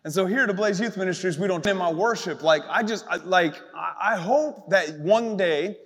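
A man preaching a live youth sermon, animated and conversational, full of asides, to an audience in a church. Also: high-pitched, normal speed, long reverb tail. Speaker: youth pastor.

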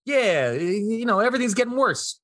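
A man in his thirties co-hosting a casual comedy podcast, telling bits in an animated way and jumping into high voices for characters. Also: fairly quick, no echo, studio quality. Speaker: podcast co-host.

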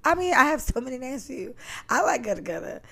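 A woman's voice: high voice, very animated, fast talker, a bit bright. A woman hosting a podcast in casual chat, with playful, laughing banter. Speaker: podcast host.

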